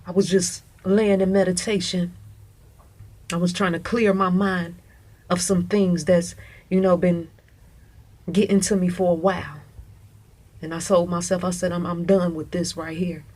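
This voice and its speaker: A woman's voice: fairly low pitch, level tone, measured pace, pauses often, darkish tone. A woman talking straight to the camera in a casual monologue, emphatic and profane, who keeps calling the listener "honey".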